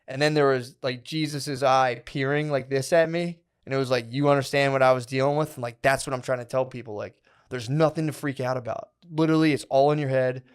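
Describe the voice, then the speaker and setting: A man in the middle of a comedy podcast, spinning a long, wandering story. He talks in a loose, casual way, and "like" and "dude" fill nearly every phrase. His voice sits at an ordinary middle pitch, and the swearing comes out easily. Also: steady tone, a little fast, clean tone.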